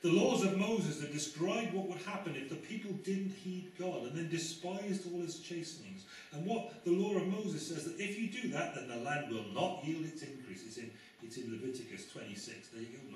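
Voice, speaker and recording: A man's voice: on the high side, fairly quick, hardly any pauses. A man preaching a conversational sermon, with wry asides and sudden emphatic rises, in a church. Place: church sanctuary. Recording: very echoey church, mic far off.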